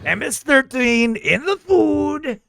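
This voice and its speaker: A man's voice: very high-pitched, very animated, slow, creaky, fairly bright tone. A man streaming live, reacting to news footage with crude, sarcastic commentary.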